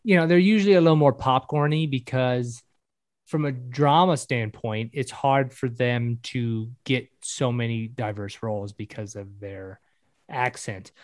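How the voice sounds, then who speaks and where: A man's voice: mid-range voice, a little slow, a little mellow, no echo. A man from the American South chatting casually on a podcast, rambling and correcting himself as he speculates.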